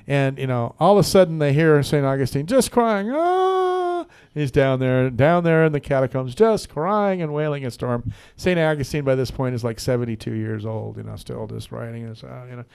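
A man's voice: medium pitch, fairly quick, vocal fry, hardly any pauses, darkish tone, smooth. A man hosting a local radio talk show, telling a rambling joke with lots of fillers and asides. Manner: joking, rambling storyteller with many fillers. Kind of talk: casual radio chat. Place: radio studio.

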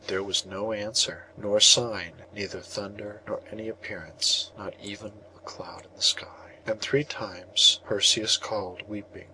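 A man narrates an old legend in a measured, expressive storybook reading. His voice sits low but carries a bright, crisp edge. A faint hiss lies under the recording. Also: low-quality recording. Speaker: audiobook narrator.

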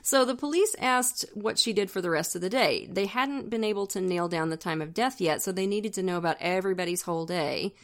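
A woman's voice: medium pitch, a little fast, hardly any pauses. A woman co-hosting a true-crime podcast, telling the story in a casual, chatty way with wry asides. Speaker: podcast co-host.

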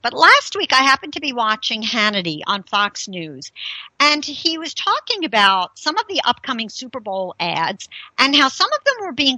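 A middle-aged woman hosts her own radio talk show in a chatty, casual way. Her pitch swings widely and her tone is bright and forceful. The recording is close and dry, with no room sound. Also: dry recording, low-quality recording. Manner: chatty, animated, with incredulous rhetorical questions.

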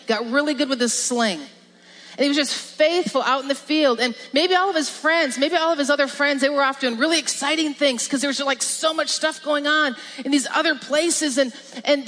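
Woman pastor preaching, high voice, big echoey church hall. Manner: lively, emphatic preaching with laughs and repetition. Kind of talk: sermon. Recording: long reverb of a large hall.

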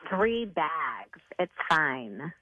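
A woman with a Detroit accent co-hosts a morning radio show and answers bluntly, a little defensive. Her voice moves a lot in pitch, and the studio sound is dry. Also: big pitch swings, very slow, sharp tone, no echo, muffled recording. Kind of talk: casual radio banter.

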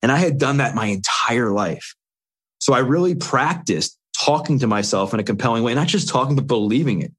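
A man's voice: medium pitch, lively intonation, fairly quick, fairly bright tone, husky. A man in an interview, earnestly telling his own story in short, run-on phrases. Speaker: interview guest. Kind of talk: candid personal storytelling.

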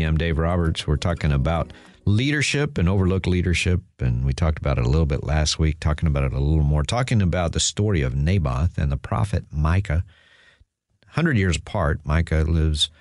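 Male radio host, very low voice, folksy Bible storytelling, dry close sound. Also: a little mellow, dry recording. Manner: folksy retelling, acting out quoted dialogue lightly.

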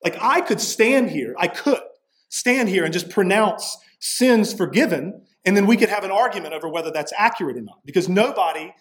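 A man's voice: sits high, lively intonation, moderate pace. A man preaching a sermon in a conversational way, often checking in with "right?" and acting out the people he quotes. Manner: conversational preaching, frequent "right?" asides, acts out quoted voices. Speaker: pastor.

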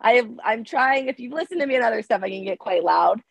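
A young woman co-hosting a podcast in casual chat, telling stories excitedly with a slightly hoarse voice that keeps cracking because she is sick. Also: fairly high pitch, quick pace, no room sound, low-quality recording. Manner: excitable storyteller, gushing and animated. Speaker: podcast co-host.

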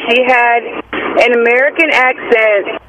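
A woman's voice: fairly high pitch, steady tone, measured pace, background noise. A woman calling in to a radio show, hesitantly recounting something she heard on the news. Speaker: caller. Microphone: phone line.

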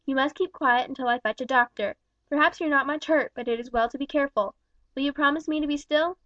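A kind, caring young gentleman, read by a woman in a storybook, speaking softly with concern. The voice sits somewhat high. The recording sounds dull and dry. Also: fast talker, dry recording.

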